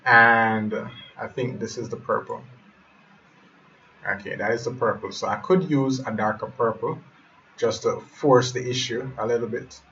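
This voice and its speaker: A man's voice: mid-range voice, steady tone, unhurried, pushed and bright. A man talks viewers through a live website build, thinking aloud and calling them guys as he clicks through settings. He sits a little way back from the mic, so he sounds distant. The sound is dull, with a faint hiss underneath. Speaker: web design tutor. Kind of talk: live screen-share tutorial.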